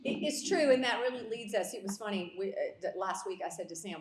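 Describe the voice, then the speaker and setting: A woman from South Carolina with a Southern accent, hosting a festival panel in a lively, emphatic way that keeps checking in with the audience. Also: mid-range voice, fairly quick, few pauses. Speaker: panel host. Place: festival venue. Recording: roomy hall sound.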